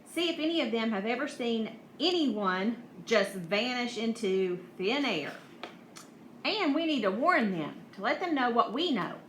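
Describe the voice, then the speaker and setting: A woman voicing a calm, bossy girl who takes charge, speaking firmly in an organized way. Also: on the high side, a little slow. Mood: planning. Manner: firm and organized. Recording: echoey room, faint hiss.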